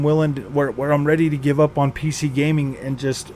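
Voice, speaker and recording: A man's voice: fairly high pitch, flat delivery, brisk, hardly any pauses, dark tone, slight background noise. A man hosting a gaming channel, venting with exasperation, sighing and repeating himself as he rants. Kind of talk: frustrated venting vlog.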